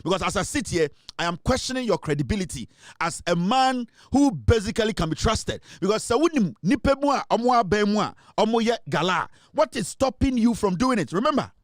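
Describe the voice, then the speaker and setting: A Ghanaian man delivers fiery political commentary, scolding and insistent as he switches between Twi and English. His voice sits high for a man. The recording is dry and close, with no room sound. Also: no echo.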